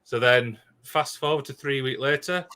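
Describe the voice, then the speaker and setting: A man, co-hosting a casual podcast and recounting a strange disappearance, rushing through with frequent restarts. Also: mid-range voice. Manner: excitable, rushed, with many restarts and "obviously". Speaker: podcast co-host. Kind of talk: casual storytelling chat.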